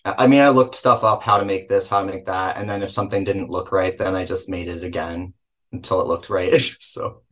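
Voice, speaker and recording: A man's voice: low voice, steady tone, fairly quick. A man with a New Jersey accent, a filmmaker guest answering interview questions in a loose, self-correcting way. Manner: rambling, self-correcting, laughs between thoughts.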